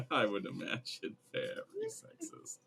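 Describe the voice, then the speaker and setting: Male podcast co-host, bright forceful voice, casual and jokey. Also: a little high, wildly swooping pitch, takes it slowly, gravelly, husky. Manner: laughs often, loose and jokey. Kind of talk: casual movie podcast chat.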